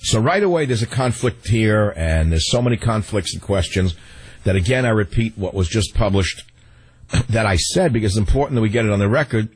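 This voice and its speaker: A man hosting a political talk radio show, ranting fast and emotionally and running over his words. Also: fairly low pitch, animated, breathy edge, low-quality recording.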